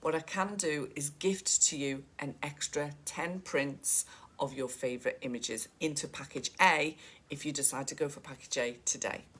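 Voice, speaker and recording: A woman's voice: low-pitched, fairly even intonation, normal speed, a bit bright, slightly rough. A middle-aged woman giving a chatty, direct coaching talk to photographers and calling them "guys".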